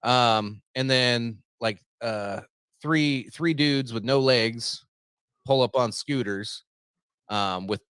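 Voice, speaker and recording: A man's voice: mid-range voice, takes it slowly, a bit bright, clear, resonant tone, no room sound. A man hosting a podcast, telling a long story in a casual, rambling, profane way and laughing at his own jokes. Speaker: podcast host.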